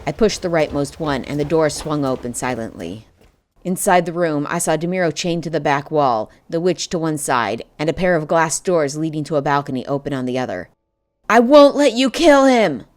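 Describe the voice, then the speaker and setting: A woman narrating a first-person fantasy novel. Her voice sits low and she tells the story steadily with feeling. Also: brisk. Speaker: audiobook narrator.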